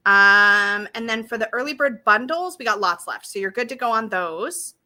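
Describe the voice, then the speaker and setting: A bubbly woman with a lilt hosts a casual live stream, chatting with viewers as she goes. Her voice sits a little high and has a bright, forceful edge. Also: animated, moderate pace. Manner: bubbly, chatty, reads viewer comments aloud. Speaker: creator hosting a live launch stream.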